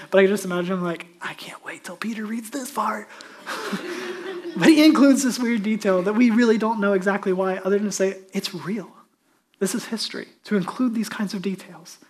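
Conversational male pastor preaching. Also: high-pitched. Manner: conversational preaching, rising to emphatic peaks. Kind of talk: sermon.

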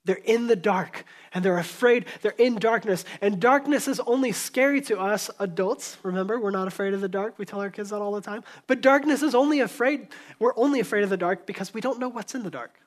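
A man pastor preaching a sermon in a church, telling the story conversationally, acting out voices and dropping to a hushed tone. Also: high voice, fairly quick, few pauses.

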